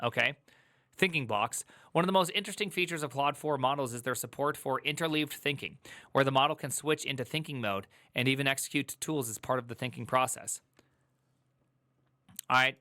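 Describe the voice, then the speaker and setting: On a tech stream, a man reads an article aloud and keeps breaking off into quick, joking rants, in the style of a casual reaction stream. His voice sits fairly high and sounds animated, bright and forceful. The studio recording is clean, with no echo.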